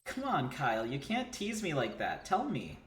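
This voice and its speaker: A man voicing a sharp-tongued young female sorceress, reading game dialogue on stream. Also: fairly high pitch, wildly swooping pitch, moderate pace, reverberant.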